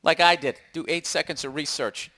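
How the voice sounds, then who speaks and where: A man's voice: on the high side, moderate pace, sharp tone, no echo, clean studio sound. A man co-hosting a casual comedy podcast in an apartment, with sarcastic, teasing banter. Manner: sarcastic, teasing, reads aloud mockingly. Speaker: podcast co-host.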